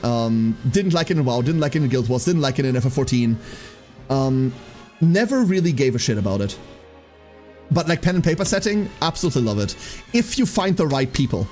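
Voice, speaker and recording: A man's voice: mid-range voice, darkish tone. A man streaming, casually chatting with his viewers and telling a story, swearing freely and acting out the people he quotes.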